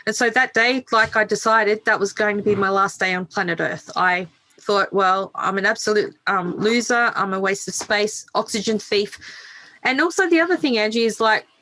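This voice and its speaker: A middle-aged woman tells her own story on a podcast with a bright, forceful edge to her voice. She speaks frankly, swears without hesitation and laughs at herself along the way. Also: medium pitch, normal speed. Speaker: podcast guest. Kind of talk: candid interview storytelling.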